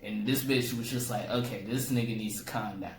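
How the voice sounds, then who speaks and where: A man's voice: mid-range voice, steady tone, brisk. A young man, a comedian, telling a comic story in casual talk and acting out the people in it with sudden jumps in his voice. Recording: echoey room with faint ambient noise.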